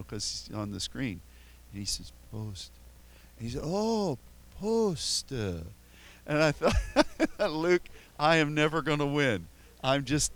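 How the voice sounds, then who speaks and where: A man's voice: on the low side, rough recording. An older American man, a pastor, telling rambling, self-mocking stories with many restarts before his sermon. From United States. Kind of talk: anecdotal sermon storytelling.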